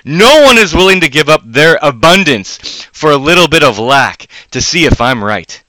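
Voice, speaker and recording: A man hosting a live stream, ranting with heavy swearing, swinging between loud angry outbursts and low mutters. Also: expressive, moderate pace, dry recording, low-quality recording. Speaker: livestream host. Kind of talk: profane live-stream rant.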